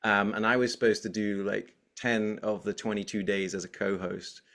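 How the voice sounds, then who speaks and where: An English man in his forties talks as a guest in a relaxed interview. He is energetic and talkative, and he tells his stories in a lively, animated way. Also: on the low side, normal speed, gravelly. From England. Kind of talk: casual interview chat.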